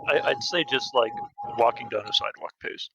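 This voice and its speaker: A man's voice: mid-range voice, wildly swooping pitch, fairly quick, sharp tone, slight background noise, low-quality recording. A man playing a tabletop game in a laid-back, amused way. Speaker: player. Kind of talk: casual tabletop play.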